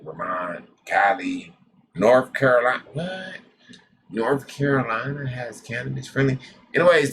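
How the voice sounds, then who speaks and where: Rambling low-voiced man hosting a stream. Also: a bit bright, a little hiss or hum, low-quality recording. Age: adult with a daughter. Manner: rambling, loose, swears often; reads lists aloud with side remarks. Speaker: host of a cannabis news show. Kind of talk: casual live-stream chat.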